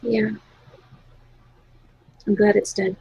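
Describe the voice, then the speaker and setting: Woman as a blunt young boy, raspy and low-key. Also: level tone, slow pace, warm tone, low-quality recording.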